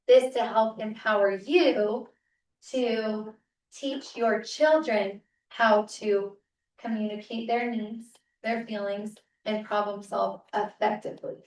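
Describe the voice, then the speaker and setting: A woman presenting a parent seminar in a casual, conversational way, checking in often with the audience. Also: mid-range voice. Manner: casual, checks in with frequent "right?". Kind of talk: conversational teaching talk. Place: seminar room. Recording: roomy, distant mic.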